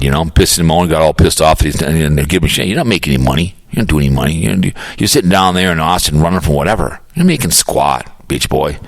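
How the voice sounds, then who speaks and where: A man's voice: very deep voice, no echo. A man hosting a live stream who rants in a blunt, grumbling, profane way. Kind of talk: ranting live-stream monologue.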